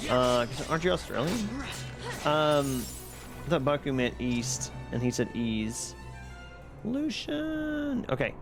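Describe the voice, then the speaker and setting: A man streaming live, chatting casually and excitably with his viewers while playing a game. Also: mid-range voice, measured pace, music in the background. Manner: excitable, chatty, reads and answers chat.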